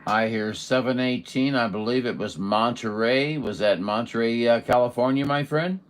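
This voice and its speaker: A man's voice: mid-range voice, moderate pace. A man working amateur radio contacts, chatting in a folksy way with lots of fillers.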